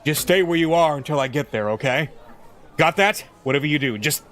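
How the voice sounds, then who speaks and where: A man voicing a stressed, impatient male freelance reporter who loudly tells someone to calm down. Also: a little high, brisk, some chatter behind, pitched above the performer's own voice. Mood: exasperated. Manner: exasperated, loud, pushy.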